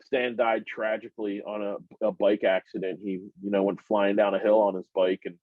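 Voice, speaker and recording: A man's voice: normal speed, no echo. Middle-aged man telling a rambling story. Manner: rambling, animated storyteller who climbs high when excited. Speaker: podcast guest. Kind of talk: casual storytelling. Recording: muffled, dry recording.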